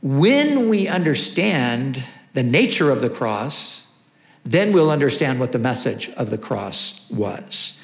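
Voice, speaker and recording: A man's voice: medium pitch, very animated, slow pace, creaky. A man preaching a sermon, teaching earnestly and asking rhetorical questions. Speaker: pastor. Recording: echoey room.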